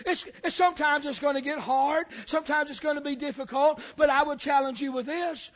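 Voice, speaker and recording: Pastor, male, very high voice, storytelling sermon that swells to shouting, muffled lo-fi recording. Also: fairly even intonation, brisk. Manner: storytelling preacher, repeats words, builds to shouts.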